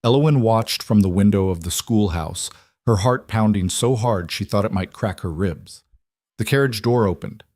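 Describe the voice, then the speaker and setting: A man giving a scripted narration of a romance story in a steady, even way. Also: fairly low pitch, normal speed, no echo.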